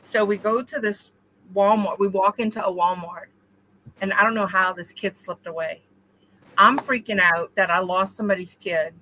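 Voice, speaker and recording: A woman with a bright, forceful voice trades stories in a casual chat between friends, animated as she talks. A faint hum of room noise runs underneath. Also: medium pitch, normal speed, rough recording. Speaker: co-host.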